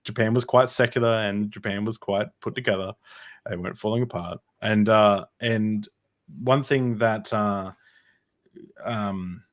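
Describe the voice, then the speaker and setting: A man's voice: lowish voice, a little slow. A man talking as a podcast guest, telling his personal story in a casual, rambling way with many fillers and restarts.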